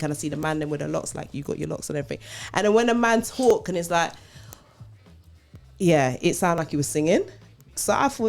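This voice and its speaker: A woman with a London accent, chatting casually and telling an animated, slangy story as co-host. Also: on the low side. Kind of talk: casual chat.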